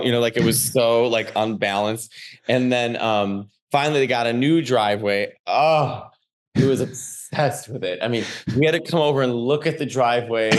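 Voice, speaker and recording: A man in his thirties from Chicago, chatting as a comedian guest on a podcast. He tells stories with lots of energy, swears freely, and jumps between voices, at an average pitch for a man. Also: a little fast. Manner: animated storyteller, swears casually. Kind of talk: casual podcast chat.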